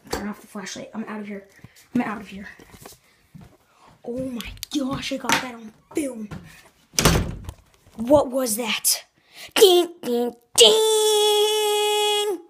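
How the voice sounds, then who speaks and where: A high-pitched woman talks to her viewers in a loose, chatty way, jittery and quick to get excited, now and then sinking into hushed tones. Her voice bounces off the hard walls of a small bathroom. A faint hiss sits under it. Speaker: vlogger. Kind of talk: casual video narration. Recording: echoey bathroom, faint noise.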